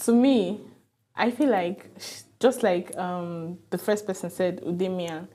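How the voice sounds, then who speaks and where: A woman's voice: lowish voice, unhurried, mellow. A woman co-hosting a talk show, starting hesitantly and then reasoning firmly. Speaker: co-host.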